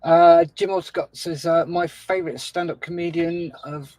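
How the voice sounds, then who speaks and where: A man's voice: fairly high pitch, fairly even intonation, a little slow, a little mellow, no echo. Cheerful man reading live chat. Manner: cheerful, reads chat comments aloud with laughs. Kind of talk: casual livestream chat.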